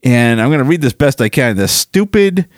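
A man's voice: mid-range voice, expressive, moderate pace, no echo, clean studio sound. A man hosting a podcast in casual chat, rambling and self-deprecating as he goes through listener mail. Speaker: podcast host.

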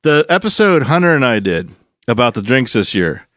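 A man co-hosting a podcast in casual chat, with a gravelly voice, rambling and restarting as he talks. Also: mid-range voice, normal speed, no echo, clean studio sound. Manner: animated, rambling with frequent restarts. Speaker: podcast co-host.

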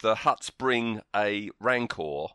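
A man's voice: fairly low pitch, expressive, takes it slowly, pushed and bright, clear, resonant tone, no echo, studio quality. A man co-hosting a podcast, casually complaining in a blunt, exasperated way. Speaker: podcast co-host. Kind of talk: casual critique chat.

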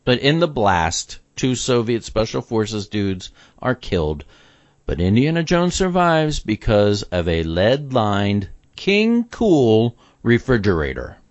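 A lower-voiced man talks through a film scene with lively, swinging delivery and strong opinions. The sound is dry and a little dull, with no room around it. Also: takes it slowly, dry recording. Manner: opinionated, animated, laughs often. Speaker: podcast co-host. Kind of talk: casual chat about a film.

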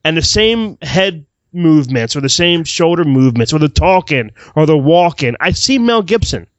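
A man co-hosting a casual movie review podcast, speaking with emphatic enthusiasm. His voice sits a bit high. The recording is dry and a little lo-fi. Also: expressive, normal speed, dry recording. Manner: emphatic, gushing. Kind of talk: casual chat. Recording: dry, dull lo-fi audio.

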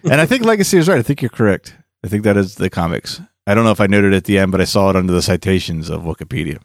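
A man's voice: sits low, lively intonation, very fast, creaky, dry recording, clean studio sound. A man hosting a podcast, recapping comic lore in a chatty storytelling way with jokey asides. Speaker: podcast host.

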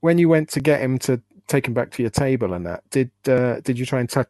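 A man co-hosting a laid-back podcast who mostly chimes in with short replies and laughs. His pitch is ordinary for a man, and the sound is dry and close. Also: expressive, fast talker, warm tone, no room sound. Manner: brief agreeing replies, laughs along. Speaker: podcast co-host. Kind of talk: casual chat.

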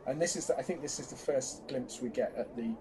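A man's voice: medium pitch, brisk, background noise. A man co-hosting a casual fan chat, talking in bursts with lots of restarts. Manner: chatty, hesitant restarts, animated bursts. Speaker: podcast co-host.

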